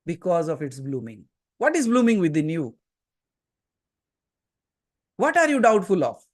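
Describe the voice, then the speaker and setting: An Indian-accented man leads a satsang from his seat before a gathering, his voice sitting unusually high for a man. He preaches in an earnest, emphatic way, firing rhetorical questions at his listeners and now and then slipping into Hindi. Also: wildly swooping pitch, unhurried. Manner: switches into Hindi mid-talk. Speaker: spiritual teacher. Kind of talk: satsang sermon.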